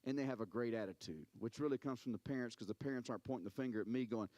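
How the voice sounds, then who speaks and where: Speaking very fast with few pauses, a man delivers a sermon as a pastor at medium pitch on a dry recording. He tells stories with animation, repeats words, and acts out the quotes.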